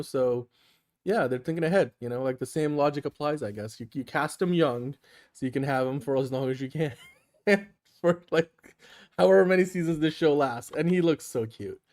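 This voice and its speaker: A woman's voice: low voice, brisk, a little mellow. A woman co-hosting a casual chat show, friendly and chatty, laughing often and greeting the chat. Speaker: co-host.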